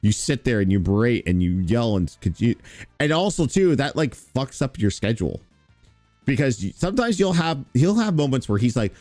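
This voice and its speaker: A man's voice: mid-range voice, big pitch swings, fairly quick, a little mellow, no room sound, soft background music. A man hosting reaction commentary, talking in a sarcastic, mocking, profane way. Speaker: streamer commentary host. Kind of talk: reaction commentary on stream clips.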